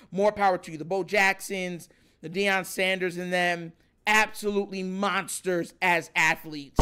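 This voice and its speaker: A man's voice: sits high, fairly bright tone. A man in casual sports talk, speaking emphatically in slang, laughing often and often asking "you know what I'm saying.".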